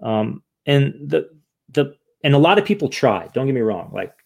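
Gravelly man speaking frankly in an interview. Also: medium pitch, expressive, normal speed. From United States. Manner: frank and emotional, swears, restarts often. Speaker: podcast guest and author. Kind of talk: candid interview conversation.

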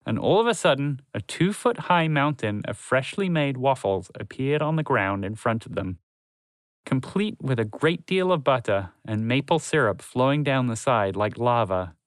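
A man narrating a storybook in a steady, gentle read-aloud manner. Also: mid-range voice, normal speed, smooth, no echo.

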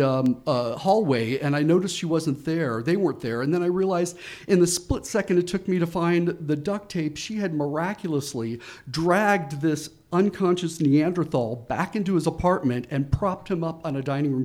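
Animated man telling a story. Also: a little high, normal speed. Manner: animated, with laughing asides and acted-out panic. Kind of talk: first-person storytelling.

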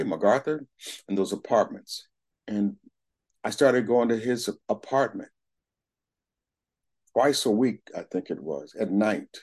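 A middle-aged man shares his own story at a recovery meeting, candid and plain-spoken, with a bit of casual swearing. His voice sits a little low. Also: a little mellow. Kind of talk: personal testimony at a recovery meeting.

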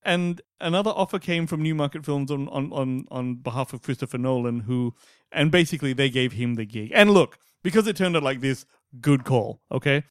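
A man co-hosting a casual film chat, excitable and swearing freely, often trailing off mid-sentence. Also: mid-range voice, brisk, smooth, no room sound, studio quality. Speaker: podcast co-host.

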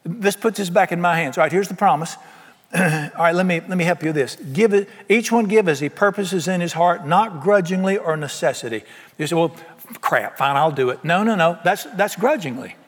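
A man preaching a sermon, folksy and animated, often acting out what people say. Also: sits high, fairly quick. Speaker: pastor. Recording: long hall reverb.

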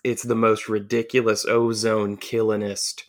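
A man's voice: on the low side, flat delivery, a little slow. A man from the southern United States, co-hosting a podcast and telling a long, profane, rambling story in casual chat. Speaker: podcast co-host.

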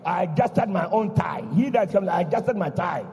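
A man preaching, telling a story dramatically and breaking into shouts. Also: high-pitched, lively intonation, moderate pace, long reverb tail, soft background music. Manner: dramatic, bursts into shouting, repeats a refrain. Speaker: pastor. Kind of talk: sermon storytelling. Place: church.

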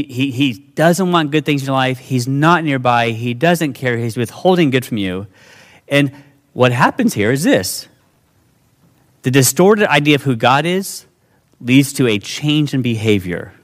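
A man preaching a sermon, talking casually to his congregation and jumping into high, whiny voices to act out the dialogue. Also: expressive, normal speed. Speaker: pastor.

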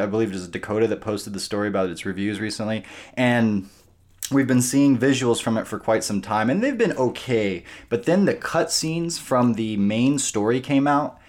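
Rambling man hosting a gaming podcast. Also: fairly low pitch. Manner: rambling, animated, restarts often. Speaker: podcast host. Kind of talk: casual podcast chat.

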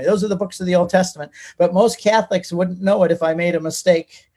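A man telling his life story as an interview guest, animated and talkative. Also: sits high, a little fast, slightly rough. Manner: animated and talkative, reciting from memory. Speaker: guest author. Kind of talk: personal storytelling in a conversation.

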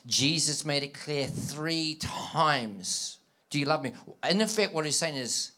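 A man preaching a sermon to a live congregation, animated, acting out scripture dialogue and prompting listeners with call-and-response. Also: a little high, measured pace. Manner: acts out quoted dialogue in scripture.

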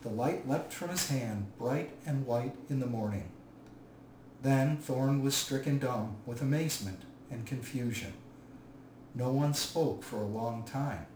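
A man narrating a storybook aloud in a measured, even manner. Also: mid-range voice. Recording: roomy, distant mic, faint hiss.

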